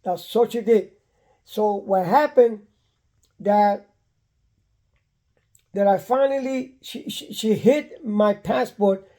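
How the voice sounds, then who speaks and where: An older man from Puerto Rico telling a personal story in a blunt, animated way, repeating himself and acting out what people said. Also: high voice, slow, pauses often.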